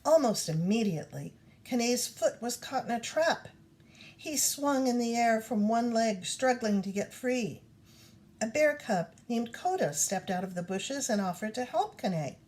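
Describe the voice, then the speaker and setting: A woman reading a children's storybook aloud in an expressive storytelling manner. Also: on the high side, a little slow. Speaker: reader.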